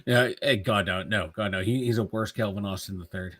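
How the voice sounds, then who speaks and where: A man co-hosting a casual sports talk show, blunt and quick to laugh and swear. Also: fairly low pitch, fairly bright tone, breathy edge, no echo. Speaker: co-host.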